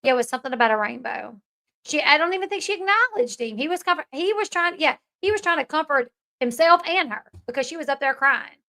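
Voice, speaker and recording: A woman's voice: sits high, expressive, fast talker, bright, forceful tone. A woman hosting a casual commentary talk, chatty and opinionated, reading out viewer comments as she goes. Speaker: host.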